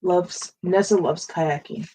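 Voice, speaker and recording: A woman reads viewer comments aloud on a live coloring stream and answers in short, easy phrases. Her voice is fairly low and mellow, with a soft, dark tone. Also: fairly even intonation, slow pace, husky. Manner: relays chat comments, brief replies. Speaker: co-host reading out viewer comments. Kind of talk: casual chat reading live comments.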